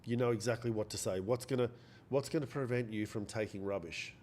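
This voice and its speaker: A man's voice: fairly low pitch, fairly quick, darkish tone, a little hiss or hum. A man hosting a live trading stream, chatting casually, repeating phrases and answering viewers by name. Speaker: day trading livestream host.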